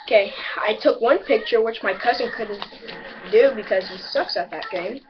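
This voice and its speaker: A man's voice: high voice, moderate pace. A teenage boy rambling crudely and boastfully in a casual video monologue. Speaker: vlogger. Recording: dull audio with background chatter.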